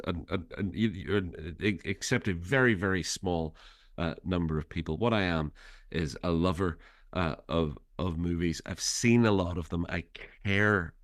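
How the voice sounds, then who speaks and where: Deep-voiced man musing thoughtfully. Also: no echo, studio quality. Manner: thoughtful, hesitant, laughs often. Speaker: podcast co-host and author. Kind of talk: casual film chat.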